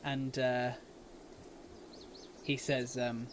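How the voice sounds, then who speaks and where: A man's voice: on the high side, a little slow, fairly bright tone, slight background noise. British man running a tabletop game. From Britain. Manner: thinks aloud, hesitant rulings. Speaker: dungeon master. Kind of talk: improvised tabletop game narration.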